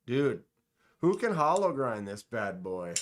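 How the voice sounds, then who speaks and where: A man hosting a casual live stream, joking around and talking straight to his chat with quick exclamations. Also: mid-range voice, big pitch swings. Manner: playful, joking, talks to chat directly; exclaims short interjections. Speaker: livestream host.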